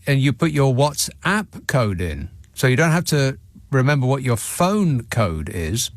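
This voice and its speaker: Sardonic radio host, lively pitch. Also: male voice, dry recording. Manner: sardonic, dry jokey asides. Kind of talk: late-night radio phone-in banter.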